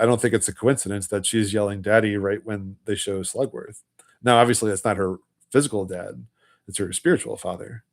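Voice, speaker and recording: A man hosting a livestream, talking in a casual, rambling way, filling his talk with "you know" and "like" and chuckling between points. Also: lowish voice. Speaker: livestream host.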